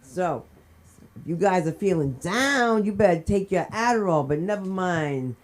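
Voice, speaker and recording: A woman telling loud, brassy stand-up stories on a comedy club stage. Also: lowish voice, animated, unhurried. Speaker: stand-up comic. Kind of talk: open-mic stand-up set.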